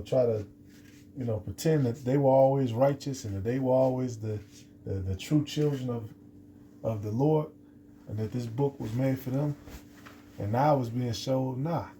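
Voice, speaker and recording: A man teaches scripture off the cuff in a deeply mellow, dark voice. He rambles, circles back and stumbles over his words with plenty of fillers. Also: slight background noise. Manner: rambling, many restarts and fillers. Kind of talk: unscripted scripture lesson.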